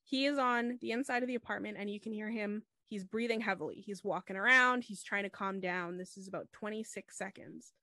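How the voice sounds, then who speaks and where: A woman's voice: mid-range voice, brisk, few pauses, no room sound. Woman host retelling a true crime case. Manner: steady retelling with frequent fillers. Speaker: podcast host.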